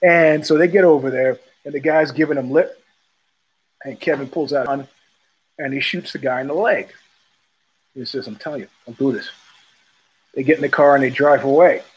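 Husky man hosting a blunt monologue. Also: fairly high pitch, moderate pace, long pauses, rough recording. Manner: blunt, profane storytelling with repeated phrases. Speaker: podcast host. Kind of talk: casual monologue.

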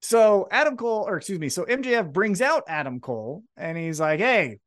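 A man co-hosting a wrestling podcast, recapping events in an excitable, profane, casual chat. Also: high-pitched, a little fast. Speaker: podcast co-host.

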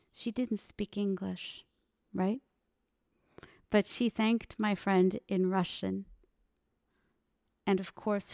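A woman's voice: medium pitch, warm tone, no echo, studio quality. A woman hosting a podcast, telling a story in an earnest, reflective monologue and speaking straight to the listener. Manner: earnest, addresses the listener directly. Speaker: podcast host.

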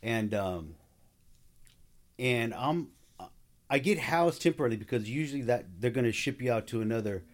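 A man's voice: mid-range voice, animated, moderate pace, long pauses. A man as a podcast guest, telling a personal story in casual conversation, acting out what people said and laughing along the way.

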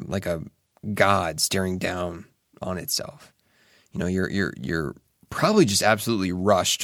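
A man's voice: lowish voice, vocal fry, a bit bright, no echo, clean studio sound. A young man giving an earnest, reflective monologue, musing aloud with casual swearing and frequent restarts. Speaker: solo speaker.

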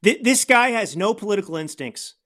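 Heated, animated male podcast ranter. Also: sits high, fairly quick. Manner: heated, ranting, indignant. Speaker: podcast host. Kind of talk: political commentary podcast.

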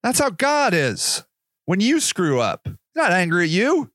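A man's voice: sits high, huge pitch swings, a little slow, fairly bright tone, dry recording, clean studio sound. A man hosting a podcast, talking in a rambling casual monologue, swearing now and then and acting out little quoted voices. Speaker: podcast host.

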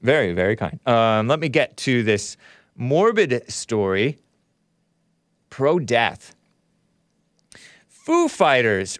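A man's voice: mid-range voice, expressive, slow pace, long pauses, a bit bright, smooth, dry recording. Man, livestream host, reads viewer chats, blunt opinionated commentary, resonant voice, dead dry room.

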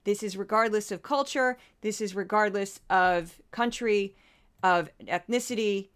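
A woman's voice: mid-range voice, a little slow, clean tone. A woman hosting a podcast, delivering indignant, impassioned commentary and getting worked up as she argues. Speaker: podcast host.

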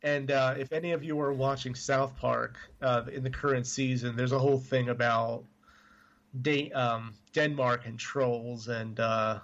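Dude chatting about movies, lots of likes and you-knows, kinda muffled lo-fi audio. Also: male voice, mid-range voice, fairly even intonation, unhurried, a bit bright. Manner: rambling, full of fillers and hedges. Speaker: podcast co-host. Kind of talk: casual chat about movies.

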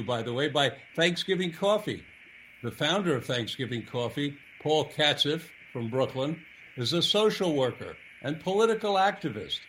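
A man hosting his own radio program, speaking earnestly and haltingly with repeated words as he wraps up an interview. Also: mid-range voice, fairly bright tone, a little hiss or hum, poor audio. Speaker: radio show host.

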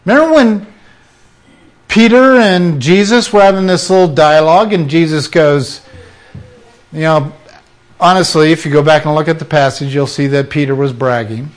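A man preaching a sermon, emphatic and full of rhetorical questions, sometimes dropping into quiet asides. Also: on the high side.

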